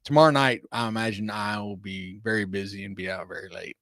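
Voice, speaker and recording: A man's voice: lowish voice, fairly even intonation, fairly quick, a bit bright, no echo, studio quality. A man co-hosting a casual podcast livestream, an easygoing rideshare driver who tells stories and laughs often.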